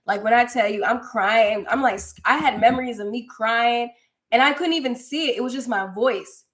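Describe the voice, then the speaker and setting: A young woman talks to her viewers in a loose, effusive way, often addressing them as girl. Her voice sits a little higher than most women's. She keeps it chatty and spontaneous. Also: moderate pace. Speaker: livestream host and spiritual coach. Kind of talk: casual livestream chat reading comments.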